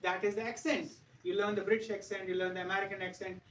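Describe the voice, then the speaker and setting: High-voiced Indian man teaching English. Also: level tone, fast, a bit bright, a little hiss or hum. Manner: earnest, repeats points to explain. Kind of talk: classroom speaking lesson. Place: classroom with podium. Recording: roomy, dull, distant classroom sound.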